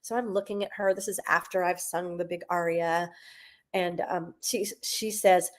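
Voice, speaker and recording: A middle-aged woman from South Carolina, a Broadway singer chatting as a guest and telling stories with lively, half-sung bits. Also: medium pitch, unhurried. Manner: animated storyteller, sings snatches of lines. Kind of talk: casual interview chat.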